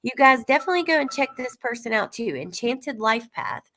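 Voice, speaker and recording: A woman's voice: a little high, animated, brisk, sharp tone, slight background noise. A woman YouTuber giving casual, rambling true-crime commentary and talking straight to her viewers. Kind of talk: casual commentary reacting to clips.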